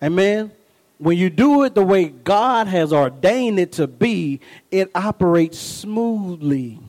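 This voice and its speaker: A man's voice: high voice, expressive, takes it slowly, a little mellow, poor audio. A middle-aged man preaching a sermon as pastor. He tells folksy stories with call-and-response asides and rises into bursts of emphasis.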